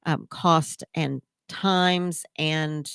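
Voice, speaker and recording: A woman's voice: low voice, fairly even intonation, drawn-out words, creaky, a bit bright, clean tone, no room sound, studio quality. A woman hosting a radio talk show, chatty and encouraging with many fillers. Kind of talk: casual interview chat.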